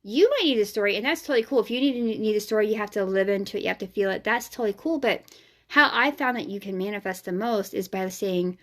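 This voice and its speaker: A woman's voice: mid-range voice, quick pace. A woman energy healer hosting her own vlog, talking casually, frankly and emphatically, sometimes swearing. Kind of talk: casual spiritual vlog talk.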